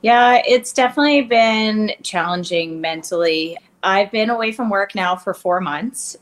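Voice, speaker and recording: A woman's voice: mid-range voice, measured pace. Woman in her thirties, interview guest, open and emotional, laughs easily, mid-range voice. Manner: candid, emotional, laughs often. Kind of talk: casual interview chat.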